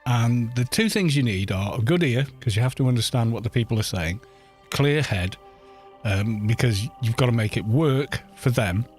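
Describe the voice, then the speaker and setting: A man's voice: mid-range voice, lively intonation, normal speed, soft background music. A middle-aged man with a London accent, chatting in a rambling way with viewers while he streams a game. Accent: London English. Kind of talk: casual chat while gaming.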